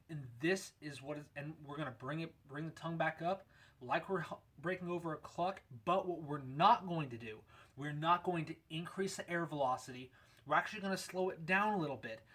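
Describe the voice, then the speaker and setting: A man explaining goose calling technique in a relaxed, conversational instructional video. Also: fairly high pitch. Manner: relaxed, conversational, lots of "we're gonna".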